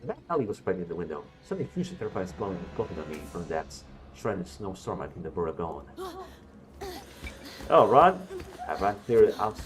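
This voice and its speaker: A man's voice: sits low, expressive, quick pace, hardly any pauses. A man streaming a game, reading its story text aloud and talking back to the characters with swearing and jokes. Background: game music.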